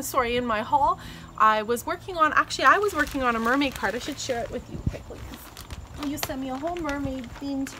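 A woman's voice: high voice, sharp tone. A woman in her thirties from Canada, gushing with delight as she unboxes craft gifts in a casual vlog, outdoors in the sun. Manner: gushing, delighted, many thank-yous. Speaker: crafting vlogger. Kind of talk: casual happy-mail unboxing. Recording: noisy outdoor ambience with insects.

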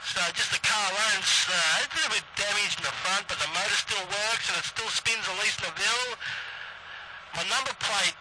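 A man's voice: sits high, normal speed, heavy background noise. An Australian man chatting on CB radio from a car parked in a country paddock, rambling and swearing casually. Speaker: CB radio operator.

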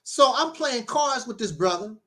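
A very high voice at a moderate pace belongs to a middle-aged minister giving an informal spoken monologue. He tells his stories animatedly, often breaking into laughter and tossing in preachy remarks.

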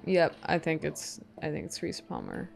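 Excitable woman reacting to a film. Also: sits low, brisk, creaky. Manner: excitable, exclaiming, chatty. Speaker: movie reaction YouTuber. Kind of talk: casual reaction commentary.

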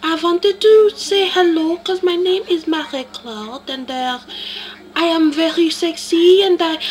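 Woman doing a comic French accent, coy lovesick girl, quiet. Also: high voice, rough recording. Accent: French, put on.

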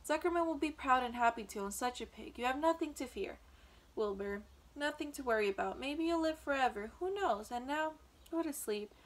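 A woman reading aloud plays a wise storybook spider who speaks calmly and soothingly. Her voice sits a little high. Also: fairly quick. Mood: gentle. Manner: calm and soothing. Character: wise, gentle female spider.

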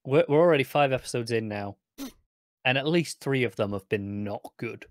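A man's voice: medium pitch, animated, normal speed, dry recording, studio quality. Wry, teasing male podcast co-host. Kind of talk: casual chat reviewing TV episodes.

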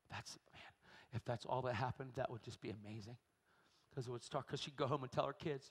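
A man preaching a sermon, telling a story with animated energy and acting out the people in it. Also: mid-range voice, fairly quick, breathy edge. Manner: animated storytelling, acts out voices, shrieks in quotes. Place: large church hall. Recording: long hall reverb.

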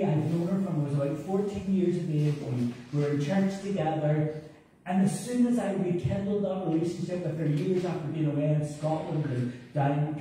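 Northern irish preacher guy telling stories with jokes, very dark mellow voice, big echoey church, mic far off. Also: on the high side, slight background noise. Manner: warm anecdotal, humorous asides. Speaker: pastor. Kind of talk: storytelling sermon. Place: church hall.

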